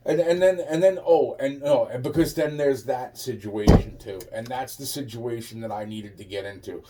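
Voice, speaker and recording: A man's voice: medium pitch, moderate pace, distant mic, very noisy. A man in a rambling, profane monologue, restarting his sentences again and again.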